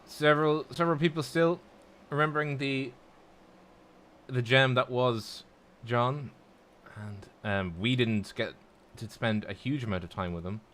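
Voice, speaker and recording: A man's voice: mid-range voice, unhurried, fairly bright tone. A man commentating on a sim race in casual chat, rambling with playful asides.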